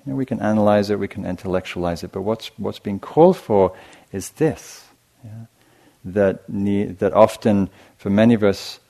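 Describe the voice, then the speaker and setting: Man, very low voice, meditation teacher, gentle reflective dharma talk, hesitant restarts. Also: moderate pace, gravelly. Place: meditation retreat hall.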